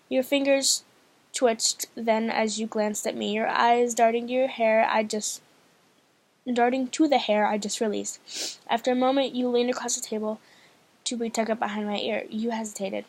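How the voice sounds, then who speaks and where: A woman's voice: fairly high pitch, fairly even intonation, normal speed. A woman reading a novel aloud in a casual, hesitant way, often stumbling and restarting lines. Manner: hesitant, frequent restarts and fillers. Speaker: audiobook reader, channel host.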